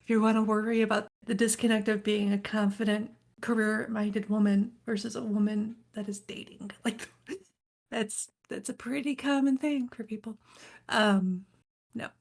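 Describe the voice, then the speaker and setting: A woman author, a guest on a podcast, talking relaxed and at length in casual chat. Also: medium pitch, normal speed.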